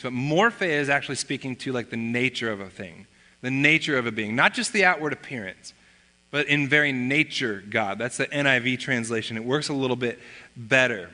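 A man's voice: mid-range voice, pushed and bright, in a large hall. A man preaching a sermon as a pastor, teaching in a conversational way and posing rhetorical questions to the congregation.

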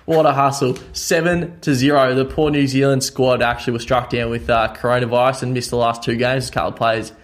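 A man's voice: medium pitch, flat delivery, a little fast, few pauses. Laid-back young Australian man. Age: young adult. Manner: laid-back, joking banter. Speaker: podcast co-host. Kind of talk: casual sports chat.

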